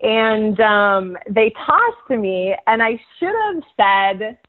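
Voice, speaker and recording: A woman's voice: mid-range voice, slow. Woman guest on a tinny call line. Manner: animated, frequent "like" fillers, laughs often. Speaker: guest, TV host and journalist. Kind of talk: casual podcast interview storytelling. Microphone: remote call. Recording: tinny phone-like call audio.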